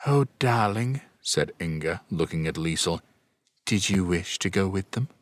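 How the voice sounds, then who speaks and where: A man's voice: deep voice, animated, unhurried, no room sound. A man voicing a young-looking female witch who speaks demurely with a sly edge.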